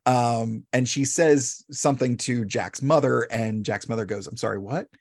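A man hosting a podcast, who tells stories in a chatty, animated way and often restarts his phrases. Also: medium pitch, measured pace, dry recording, studio quality. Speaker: podcast host. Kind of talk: casual podcast conversation.

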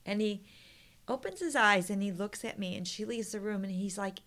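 A woman's voice: mid-range voice, normal speed, fairly bright tone. A middle-aged woman, a podcast guest, earnestly retelling a personal story with emotion and quoted prayers.

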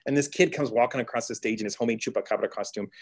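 A middle-aged man from Texas, a teacher telling a classroom story in an interview, earnest, with restarts and excited bursts. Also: medium pitch, rapid-fire, husky. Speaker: teacher and author guest. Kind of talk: storytelling in conversation.

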